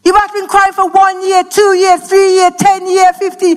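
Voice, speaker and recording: High-voiced passionate woman preaching. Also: completely flat delivery, normal speed, few pauses. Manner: passionate, rising to shouts. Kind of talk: sermon. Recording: echoey hall.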